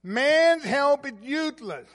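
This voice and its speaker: A man with a strikingly high voice preaches a sermon, repeating his key phrases and pushing his volume up on each point he wants to land. His words ring out with a long reverb tail, as if in a large church hall. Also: lively intonation, slow. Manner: emphatic, repeats key phrases, swells louder on stressed points.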